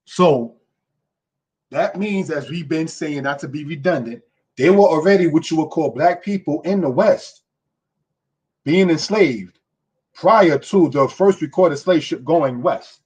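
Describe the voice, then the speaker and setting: Husky preacherly man teaching history. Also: on the high side, unhurried, a little mellow. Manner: repeats "you understand?" and "brothers and sisters"; emphatic, preacherly. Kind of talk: history lesson.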